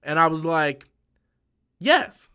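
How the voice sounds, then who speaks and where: A young man with a high voice tells a long personal story straight to the camera. He rambles, swears freely and trips over his own restarts, like a casual vlog rant. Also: brisk, a bit bright. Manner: profane, rambling, with frequent restarts. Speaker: YouTube channel host.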